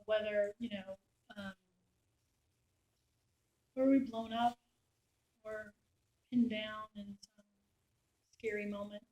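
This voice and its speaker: A middle-aged woman, a war reporter, telling lively anecdotes to a class and acting out the soldiers' lines. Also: on the high side. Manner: animated anecdote-telling, acts out quoted soldiers. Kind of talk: storytelling talk. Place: lecture room. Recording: echoey room.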